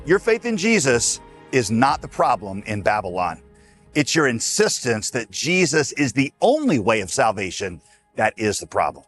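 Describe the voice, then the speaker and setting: A man preaching a sermon as a pastor, folksy and emphatic, speaking straight to his listeners. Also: mid-range voice.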